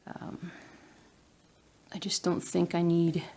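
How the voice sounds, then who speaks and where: A woman's voice: lowish voice, completely flat delivery, slow pace, warm tone. A woman with a Southern US accent chatting casually while she stitches at home, muttering to herself and sometimes dropping into a whisper. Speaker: cross-stitch vlogger.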